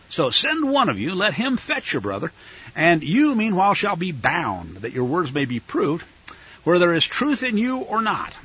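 Man doing a stern commanding governor, loud and accusing, high lively delivery, bright voice, husky, dull lo-fi sound. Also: heavily acted. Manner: accusing, forceful, declaiming. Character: stern powerful male Egyptian governor.

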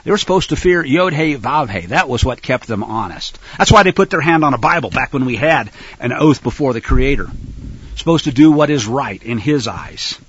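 A man preaching in an animated, rhetorical style, addressing listeners as folks, on a dull lo-fi recording. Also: medium pitch, normal speed, slightly rough. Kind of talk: sermon-style Bible teaching.

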